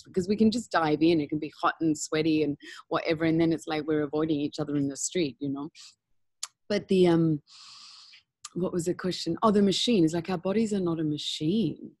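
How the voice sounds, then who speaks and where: A woman talking frankly and openly in an interview, animated and laughing often. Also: sits low, brisk, slightly rough, dry recording. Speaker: interview guest. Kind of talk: candid conversational interview.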